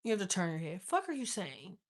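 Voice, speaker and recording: A woman chatting casually with viewers as a tarot reader, telling stories in a blunt, profane, animated way. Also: medium pitch, fairly quick. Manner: blunt, profane, animated storytelling with frequent laughs. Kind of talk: casual live-stream chat.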